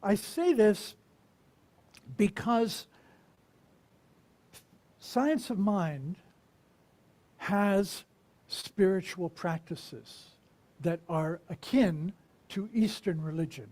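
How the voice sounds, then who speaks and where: A minister giving a conversational sermon, asking the congregation questions and pausing to reflect. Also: mid-range voice, lively intonation, a little mellow. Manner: unhurried and reflective, with pauses.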